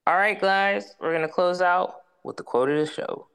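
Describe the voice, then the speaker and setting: A woman's voice: lowish voice, moderate pace, a bit bright, clean tone. A woman hosting a casual podcast chat, laid-back and repetitive, laughing often. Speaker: podcast host.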